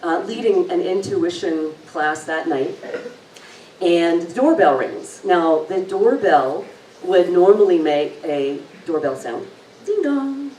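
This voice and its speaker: A woman speaking slowly and gently from a little way off the mic, her low-ish voice carrying through an echoey room. She tells a story to an audience and eases them into a calm guided relaxation. Faint room ambience sits behind her. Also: far from the mic, a little hiss or hum. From lived long in New Zealand. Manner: unhurried, gentle, lingers on words. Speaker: speaker leading an intuition talk.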